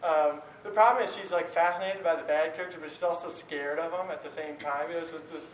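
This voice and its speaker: A man with a fairly high, fairly even voice talks fast while delivering a conversational sermon on prayer. He speaks candidly and rambles, often restarting his sentences, and the recording sounds roomy and distant with faint noise.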